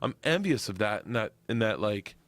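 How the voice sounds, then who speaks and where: A man who is a stand-up comedian and a guest, talking in an excitable, rambling, profane way in casual chat. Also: on the low side, moderate pace, no echo.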